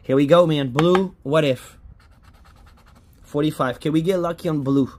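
A man's voice: fairly high pitch, measured pace, a little mellow. Chatty man pleading over lottery tickets. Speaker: scratch-off lottery vlogger. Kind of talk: casual running commentary.

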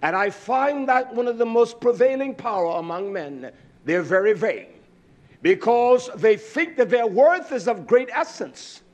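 Male preacher, high voice, unhurried fiery sermon with sudden shouts. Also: expressive. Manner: impassioned, swings between low drawn-out phrases and shouting; chants and sings repeated words.

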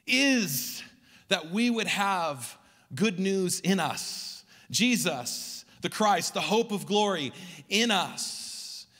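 A male pastor giving a Christmas Eve sermon in rhythmic preaching cadence, swinging from loud to hushed. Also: high voice, big-room sound. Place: church sanctuary.

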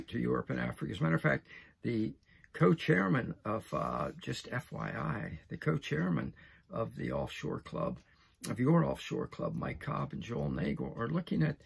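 An older man in his sixties hosts a casual talk show monologue, rambling and chatty, full of fillers and restarts. His voice is heavily gravelly, with a husky, rough edge. He sits at a mid pitch for a man. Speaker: host.

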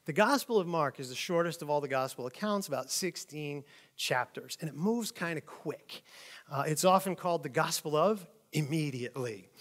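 A man teaching from the Bible in a relaxed, conversational way. He reads passages aloud and then explains them informally. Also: on the high side. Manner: conversational, with frequent "like" and "kinda". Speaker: preacher.

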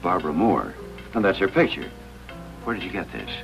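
An actor playing an earnest, persistent hospital chaplain who questions people gently, in a 1950s TV drama. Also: male voice, deep voice, big pitch swings, fairly quick, gravelly, full character voice, low-quality recording. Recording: 1950s TV soundtrack with music underneath.

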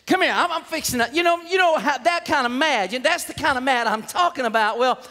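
A man preaching a lively, comedic sermon, hollering and laughing as he goes. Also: very high-pitched, fast. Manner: hollering, animated, laughing often. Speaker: pastor. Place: church sanctuary. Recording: long hall reverb.

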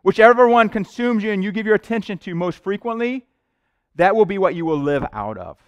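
Male pastor, conversational sermon, slightly high voice, dry close sound. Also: expressive, brisk, clear, resonant tone, dry recording. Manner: conversational, earnest preaching with frequent "right?" asides. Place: church sanctuary.

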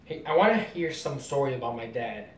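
A man's voice: animated, fairly quick, lightly acted. A man reading the lines of a cocky young male ninja student from a comic, plainly. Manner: reads comic dialogue plainly. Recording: roomy distant mic, faint rumble.

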